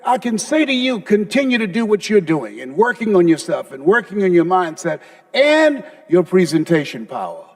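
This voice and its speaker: Male motivational speaker, high pitch, lively swings, direct and emphatic. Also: normal speed. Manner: emphatic, direct, addresses the listener. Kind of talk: motivational speech.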